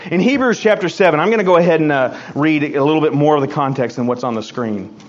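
A man preaching a sermon to his congregation, reading scripture and explaining it with animated restarts and stammers. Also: on the high side, fast talker, dull audio. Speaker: pastor.

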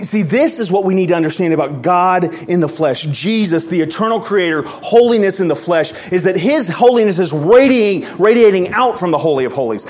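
A pastor preaches to his church, his voice sitting a little high for a man. He reads scripture aloud and explains it in an animated way, often stumbling over and restarting his words. The recording sounds dull and lo-fi. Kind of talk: sermon.

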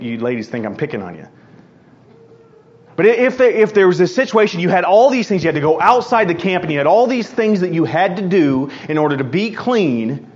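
A man preaching a sermon to his congregation, reading scripture and explaining it with animated restarts and stammers. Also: on the high side, muffled recording. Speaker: pastor.

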